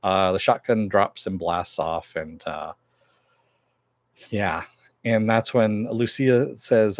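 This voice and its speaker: Low-voiced man casually recapping a show. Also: slow, long pauses, dry recording. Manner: rambling, offhand, swears casually. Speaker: TV episode reviewer.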